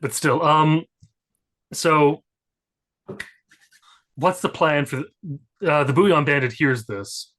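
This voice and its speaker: A man's voice: a little high, slow pace, long pauses, fairly bright tone. A man narrating as game master in a tabletop game, chatty and loose, with plenty of fillers.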